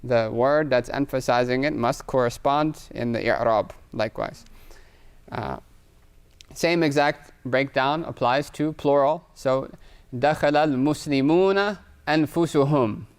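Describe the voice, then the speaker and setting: Gravelly man teaching grammar, checking "right?". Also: mid-range voice, unhurried. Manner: explains patiently with frequent "right?" checks, writing examples on a board. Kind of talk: classroom lecture.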